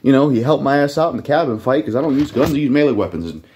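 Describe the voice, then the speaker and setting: A man's voice: mid-range voice, animated, very fast, a little mellow, lightly acted. A man riffing as a swaggering wisecracking photojournalist, full of brash talk and cursing, barely changed from his everyday voice. A game hero who brags about his scoop and picks fights with anyone in his way. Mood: cocky.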